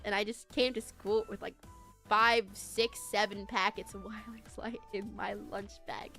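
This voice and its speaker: VTuber woman, animated storytelling, higher voice. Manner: animated, laughing, swearing freely. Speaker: VTuber streamer. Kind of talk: casual storytelling to chat.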